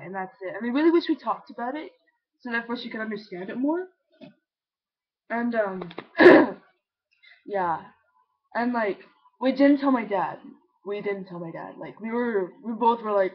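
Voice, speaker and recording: A man's voice: sits high, moderate pace, long pauses. A young trans man in his late teens talks straight to a webcam in a loose, wandering way. He leans on "like" and drops swear words as he goes. The audio is dull and lo-fi. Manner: rambling, heavy use of "like", casual swearing. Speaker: vlogger. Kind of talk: casual confessional storytelling.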